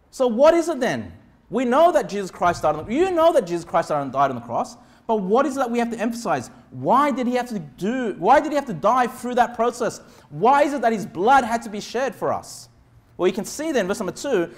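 High-voiced man preaching a sermon. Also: very animated. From Australia. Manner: preaching with sudden shouts and quick asides. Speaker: pastor.

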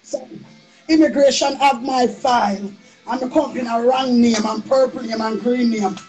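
A Jamaican woman talks casually on a live stream, playful and boastful. Her voice sits high but mellow, and she often repeats a phrase in a sing-song chant. Faint music plays in the background. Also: normal speed.

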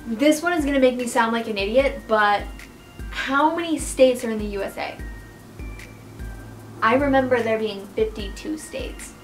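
A young woman with a high, bright voice talks straight to her viewers in a loose, chatty vlog. She is animated and disbelieving, swinging into sudden swearing outbursts, with faint music under her. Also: poor audio. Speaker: YouTuber. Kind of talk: casual vlog monologue.

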